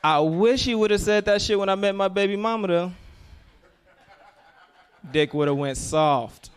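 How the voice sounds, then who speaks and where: Rich: A man doing a stand-up set in a fairly high, smooth voice. He delivers coarse, profane jokes in an easy, laid-back way. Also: unhurried. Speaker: stand-up comedian.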